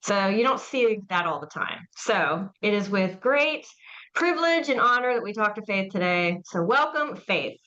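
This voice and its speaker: A talkative woman hosting an interview, chatting loosely with lots of fillers and restarts. Her voice sits at a middle pitch and comes through slightly dull and lo-fi. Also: lively intonation, moderate pace, fairly bright tone. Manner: chatty, rambling, with many fillers. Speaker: podcast host and mortuary educator. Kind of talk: casual interview chat.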